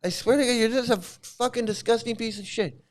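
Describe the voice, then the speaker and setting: A man's voice: very high-pitched, fairly quick. A man hosting his own channel, ranting angrily in a heated, profane, repetitive way. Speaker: channel host. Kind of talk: angry ranting vlog commentary.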